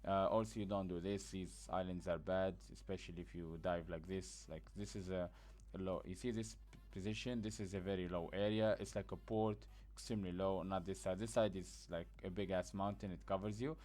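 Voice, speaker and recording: A man with a very low voice talks through a game map in loose, casual tutorial style. He sounds sleepy, like he just woke up, and he is blunt and rambling, leaning on fillers between points. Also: fairly even intonation, a little fast, hardly any pauses, a little mellow. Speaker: gaming guide creator. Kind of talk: casual gameplay tutorial commentary.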